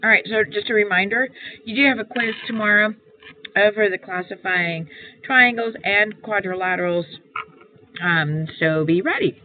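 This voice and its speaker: A woman's voice: medium pitch, moderate pace. A woman math teacher walking through a homework assignment, explaining each step patiently and repeating key points. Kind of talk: homework walkthrough lesson. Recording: tinny phone-like sound, faint hiss.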